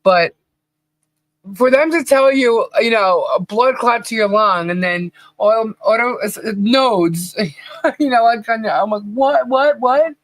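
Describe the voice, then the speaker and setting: A woman's voice: a little high, slow, no echo, low-quality recording. A woman co-hosting a podcast livestream, chatting casually and laughing often as she tells stories and calls out names from the chat. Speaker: podcast co-host.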